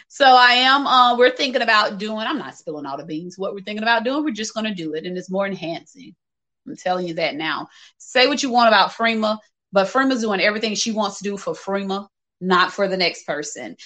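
A woman's voice: medium pitch, brisk, fairly bright tone, low-quality recording. A woman hosting a casual livestream, reading viewer comments and talking candidly and directly to her viewers, laughing often. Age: adult, working age.

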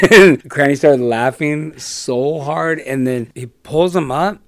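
Man, mid-pitched, dry close sound, swears freely, laughs through casual storytelling. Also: takes it slowly, no echo. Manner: profane, laughing often, animated.

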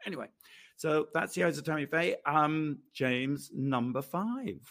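A man's voice: a little high, a little slow, gravelly, fairly bright tone. A man co-hosting a podcast, talking about a film in a reflective, earnest way. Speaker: podcast co-host. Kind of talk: casual chat, film review.

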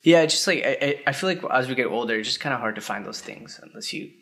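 A young man in a relaxed podcast chat with friends. He wanders through his stories and keeps stopping to fill the gaps with filler words. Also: medium pitch. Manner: rambling, full of "like" and trailing pauses. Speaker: podcast co-host. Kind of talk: casual chat among friends.

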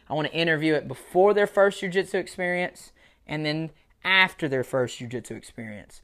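A man's voice: on the high side, a bit bright. A man hosting a solo podcast, talking in a casual, rambling, self-deprecating way, laughing now and then. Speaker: podcast host; jiu-jitsu coach.

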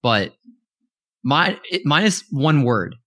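A man's voice: mid-range voice, very animated, slow, fairly bright tone, no echo, studio quality. A man hosting a sports podcast who jokes and stumbles over his words in casual chat. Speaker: podcast host.

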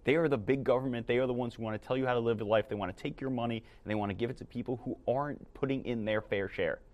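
A man's voice: mid-range voice, very fast, highs cut off. A young man from New York talks as a guest on a political chat show, in a mid-range voice. He speaks with emphatic, indignant force, stressing each grievance.

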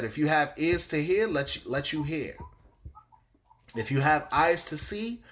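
A man preaching with fervor, rising and swelling as he repeats his lines back to the listeners. His voice sits a bit high for a man, and a steady hiss of noise runs under the recording. He slows right down to read scripture word by word. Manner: call-and-response preaching, repeats lines for emphasis; reads scripture slowly and deliberately. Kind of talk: sermon.

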